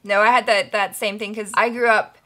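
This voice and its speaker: Co-host: woman with a mixed American-English accent, bright tone, chatty and expressive. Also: mid-range voice, fairly quick. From Indonesia and Thailand. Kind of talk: casual interview chat.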